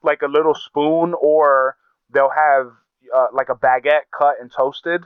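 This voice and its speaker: A man chatting loosely with friends, his voice a touch higher than most and smooth, clear. He swears freely and stumbles into restarts. The sound is dry and squeezed thin like a phone line. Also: steady tone, unhurried, no room sound. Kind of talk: casual chat.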